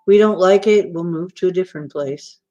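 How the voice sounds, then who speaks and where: A woman's voice: on the low side, a little fast, warm tone, dull audio. A woman hosting a casual livestream, chatting in a rambling, teasing way and laughing easily. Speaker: livestream host.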